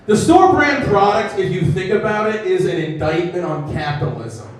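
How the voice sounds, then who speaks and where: Self-deprecating comedian in an echoey room. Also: male voice, high-pitched, big pitch swings, fairly quick, hardly any pauses, distant mic. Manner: self-deprecating, acts out characters in voices. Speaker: stand-up comedian. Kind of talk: stand-up comedy set.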